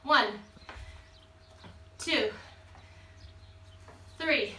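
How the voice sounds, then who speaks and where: A woman's voice: high voice, extremely slow, bright, forceful tone, slight background noise. A woman leading a follow-along workout, out of breath, counting reps aloud and cheering the class on. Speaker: fitness instructor. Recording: roomy sound from a distance.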